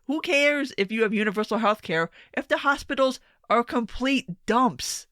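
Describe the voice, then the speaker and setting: Sarcastic young woman commentator, bright voice, dry close sound, casual rant delivery. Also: on the high side, moderate pace, no room sound. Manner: sarcastic, swearing, exasperated asides. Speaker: political commentator. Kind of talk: casual opinion monologue.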